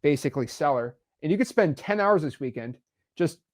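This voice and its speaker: A young man hosting a casual podcast chat, energetic and emphatic, full of slang. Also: on the high side, brisk. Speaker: podcast host, real estate investor.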